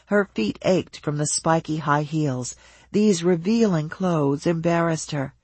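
An audiobook narrator reading a novel in an even, measured storytelling voice. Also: mid-range voice, slightly rough, no echo.

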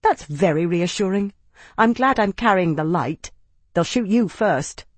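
A man's voice: sits high, lively intonation, a little slow, dry recording. A narrator voicing a young male knight, a wry and sardonic companion, making dry sarcastic remarks in a raised voice.

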